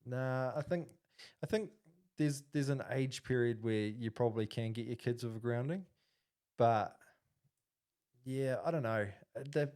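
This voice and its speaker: A man's voice: mid-range voice, a little slow, a little mellow, clean tone. A man, co-hosting a casual podcast and telling a story with lots of fillers and restarts. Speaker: podcast co-host.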